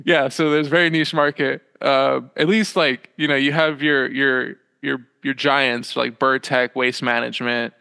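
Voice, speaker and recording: Speaking as a podcast guest in a small room at home, a young man keeps a casual interview chat going in a bright, forward voice with flat, even pitch. It's smooth but trails a long reverb, and his talk rambles and halts, crowded with fillers and mid-sentence corrections.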